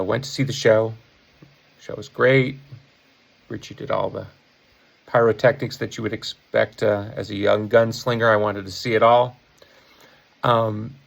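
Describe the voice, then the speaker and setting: Rock musician, 50s, male, from the Chicago area: gravelly, lowish voice, loose storytelling with chuckles. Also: lo-fi sound. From Chicago area, USA. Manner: rambling, self-correcting, with chuckles. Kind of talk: casual anecdote told to camera.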